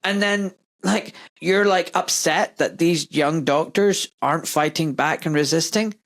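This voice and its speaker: A man's voice: on the high side, unhurried, a bit bright. A man, a doctor hosting a podcast, talking in an impassioned, emphatic rant that keeps circling back to its points. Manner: impassioned ranting, emphatic and repetitive. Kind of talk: podcast conversation.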